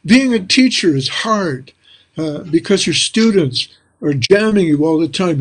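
An older man, a spiritual teacher and author, tells reflective stories in an animated, chuckling way, speaking over a video call from a small room lined with books. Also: on the high side, a little slow. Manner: animated, chuckling storyteller who acts out dialogue. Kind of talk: reflective storytelling interview.

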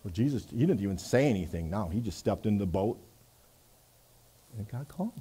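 A man's voice: fairly low pitch, lively intonation, brisk, breathy edge. A man preaching a sermon, reading scripture aloud and adding conversational asides in a church. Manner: conversational, many "you know" asides, swings between loud reading and quiet reflection. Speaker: pastor.

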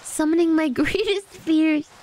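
A young woman VTuber streaming a block-building game, chatting casually with viewers, giggling often and breaking into excited squeals. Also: high voice, unhurried, very noisy. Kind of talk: casual gaming stream chat. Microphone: binaural dummy-head mic.

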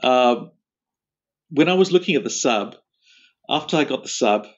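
A man chatting as a podcast guest, relaxed and quick to laugh. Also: medium pitch. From Australia. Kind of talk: casual interview chat. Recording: dull lo-fi audio.

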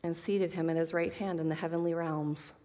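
A woman's voice: sits low, fairly even intonation, a little fast, dark tone. A woman teaching a Bible study to a women's group, earnest, reading scripture aloud with casual asides. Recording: long reverb of a hall.

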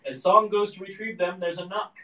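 A man reading the stage directions of a screenplay aloud at a live reading, in a steady, descriptive manner. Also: sits high, a little fast. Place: event room at a live reading. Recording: echoey room, distant mic.

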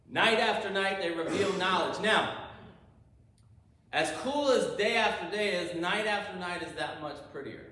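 An unhurried male pastor with a high-pitched, pushed, bright voice preaches in a church sanctuary, eagerly explaining Hebrew words and asking rhetorical questions. The sound is roomy and distant, as in a large church.

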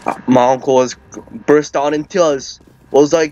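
A man with a Hawaiian Pidgin accent, his voice sitting a bit high, spins a loose, rambling tall tale full of quoted voices. The recording is dull and muffled. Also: steady tone, unhurried, mellow. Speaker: storyteller. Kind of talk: comic storytelling.

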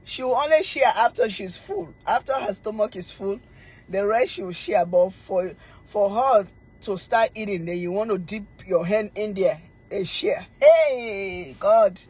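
A middle-aged woman, chatting casually to camera as a cooking vlogger, telling stories in a teasing, animated way and laughing often. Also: mid-range voice, a little slow, slightly rough, lo-fi sound.

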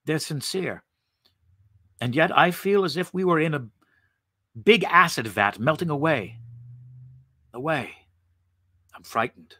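A man's voice: a little high, lively intonation, slow pace, long pauses, no echo, heavily acted. A man voicing a terrified Martian soldier. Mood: uneasy. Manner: trembling, whispering, rising to panicked shouts. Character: frightened paranoid male Martian soldier.

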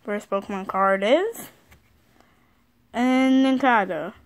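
A school-age girl vlogging casually from her bed, excitable, reading card names aloud and often apologizing. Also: on the high side, slow. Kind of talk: casual card-opening vlog. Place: sitting on her bed at home.

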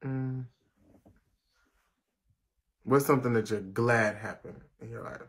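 A young man hosting a casual livestream chat, brash and profane, reading viewer comments aloud and ranting at them. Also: medium pitch. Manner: brash, profane, quick to rant. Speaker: livestream host.

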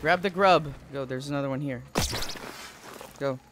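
A man commentating his own gameplay in a casual let's-play style, excitable and prone to swearing when startled. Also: mid-range voice, normal speed, background noise. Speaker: gaming YouTuber.

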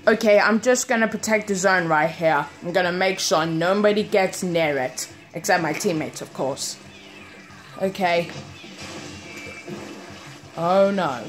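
A woman giving live gameplay commentary, excitable and quick to panic, exclaiming often and laughing at herself. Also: medium pitch, faint music behind. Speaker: gaming video host.

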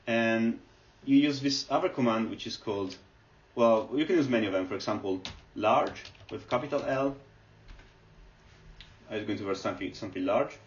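A man's voice: fairly low pitch, normal speed, long pauses, a little hiss or hum. A man giving a screen-recorded lecture, explaining step by step with many fillers as he types. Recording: echoey, distant, dull lo-fi.

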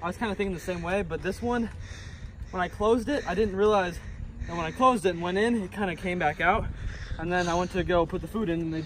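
A young man chatting casually outdoors, laid-back and explaining things calmly. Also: sits high, fast, slight background noise, poor audio. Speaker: friend helping with chores. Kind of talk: casual chat.

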